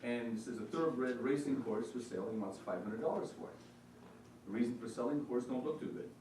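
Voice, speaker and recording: A man's voice: medium pitch, fairly quick, darkish tone, a little hiss or hum. A man giving an earnest, storytelling speech as a small business consultant at a forum. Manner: storytelling, earnest, repeats himself for emphasis. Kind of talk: motivational speech to an audience. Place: meeting hall. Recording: echoey hall, mic far off, faint ambience.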